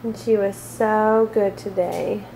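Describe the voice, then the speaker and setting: Young mom, slow unhurried delivery, sing-song baby talk, camcorder home-video sound. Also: female voice, mid-range voice, steady tone, gravelly, warm tone, slight background noise. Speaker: mother filming her newborn. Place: at home, indoors. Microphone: built-in camcorder mic.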